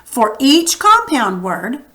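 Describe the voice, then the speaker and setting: A woman's voice: high-pitched, big pitch swings, takes it slowly, sharp tone. A woman teacher patiently walking students through a recorded reading lesson, talking casually while she writes on screen. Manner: patient, coaching, casual classroom talk; narrates while writing on screen.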